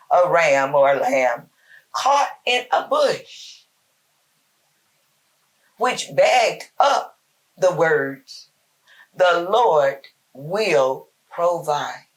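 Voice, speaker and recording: A woman hosting a short Bible talk, preaching in a slow, emphatic, folksy way with lots of repetition. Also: fairly low pitch. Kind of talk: informal spoken devotional.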